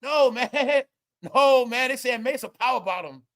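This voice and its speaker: A young man hosting a live gossip commentary stream, loud and laughing, often calling out to viewers. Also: extremely high pitch, a little slow. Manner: loud, laughing, repetitive, addresses viewers as y'all. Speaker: commentary host.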